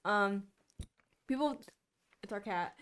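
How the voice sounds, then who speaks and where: A woman co-hosting a podcast, excitedly retelling movie scenes in a casual, slangy way. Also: mid-range voice, slow, clear, resonant tone. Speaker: podcast co-host. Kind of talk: casual movie review chat.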